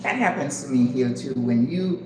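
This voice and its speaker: Animated older woman telling a story. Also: normal speed. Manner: animated, acts out voices with big pitch jumps. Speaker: channel host. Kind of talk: live-stream storytelling. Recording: echoey room with background noise.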